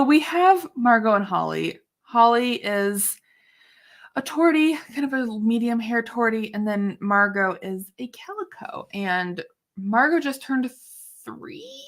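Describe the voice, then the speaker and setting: A woman's voice: a little high, fairly bright tone. A young woman chatting casually to her viewers as a reading-sprint host, chatty and given to giggling. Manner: chatty and giggly, many fillers. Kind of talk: casual chat.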